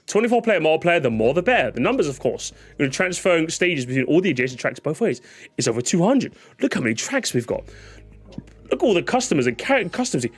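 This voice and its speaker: A young man on a casual livestream reacts to viewer comments in a sarcastic, joking ramble, stumbling over his words as he restarts sentences. His voice sits fairly high and swings around a lot in pitch.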